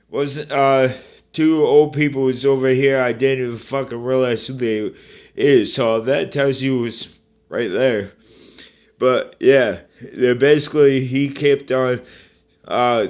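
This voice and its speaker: A man talks slowly and at an unhurried drawl in a middle-pitched voice, telling his side in a rambling vlog rant. He swears constantly, breaks off to restart sentences and turns to address the people he blames. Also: clean tone. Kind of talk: angry personal rant.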